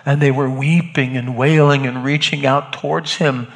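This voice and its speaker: A man acting a hardened Roman centurion shaken by an execution, talking haltingly and repeating words, in a church drama. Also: medium pitch, fairly even intonation, gravelly, big-room sound, close to an everyday voice. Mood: grave, shaken.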